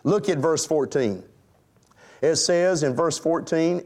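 A man's voice: on the high side, slow pace, darkish tone. A man preaching a sermon to his congregation, emphatic and rhetorical, addressing them directly. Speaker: pastor.

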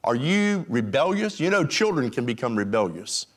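A man's voice: mid-range voice, very animated, moderate pace. An older man preaching a folksy sermon, with emphatic lines and joking asides. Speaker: pastor.

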